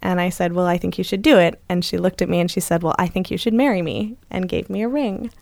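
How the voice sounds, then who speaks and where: A woman, co-hosting a podcast and telling a story in a lively chatty way. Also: quick pace, vocal fry, no room sound. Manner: animated, acts out quoted lines with jumps in pitch. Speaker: podcast co-host. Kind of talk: casual storytelling chat.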